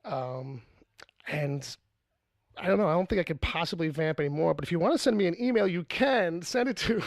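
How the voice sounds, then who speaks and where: Gravelly-voiced man hosting a podcast. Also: on the high side, moderate pace, no echo, clean studio sound. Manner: rambling, joking, with frequent fillers and restarts. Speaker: podcast host. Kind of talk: casual podcast chat.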